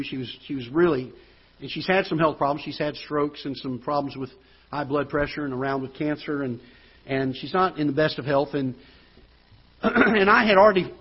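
Husky-voiced preacher in a church. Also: male voice, on the high side. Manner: swings from hushed storytelling to loud rising preaching. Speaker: pastor. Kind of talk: sermon. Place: church auditorium. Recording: dull lo-fi church broadcast.

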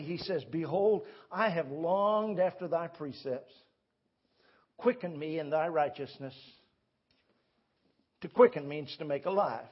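A man's voice: a little high, husky, highs cut off. A man preaching a sermon in a church, telling a Bible story in a folksy way. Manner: storytelling, folksy, with quoted voices. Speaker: pastor. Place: church sanctuary.

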